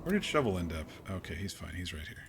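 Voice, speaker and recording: A man with a lowish voice talks through a game as he plays, half muttering his plans aloud. Now and then he jumps up in pitch with a quick exclamation, and quiet game music sits underneath. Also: creaky. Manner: relaxed, muttering to himself, sudden excited outbursts. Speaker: gaming channel host. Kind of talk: casual gameplay commentary.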